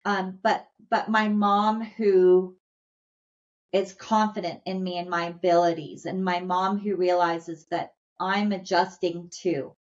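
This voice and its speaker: A woman voicing a sweet, sensitive young male dog, speaking in a gentle, earnest, halting way. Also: lowish voice, fairly even intonation. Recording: slightly dull lo-fi audio.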